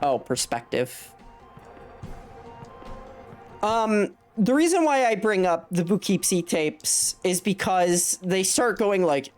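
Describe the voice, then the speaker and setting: A woman's voice: mid-range voice, very animated, slow, pauses often, a little mellow. A young adult woman streaming a game, chatting in a rambling way, swearing freely and laughing mid-sentence. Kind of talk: casual live-stream chat while gaming. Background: faint game music.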